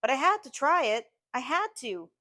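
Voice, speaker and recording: A woman's voice: sits high, sing-song, normal speed, bright, forceful tone, pitched above the performer's own voice, full character voice. A woman voicing a frightened young Southern wife, pleading and tearful. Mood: distraught pleading.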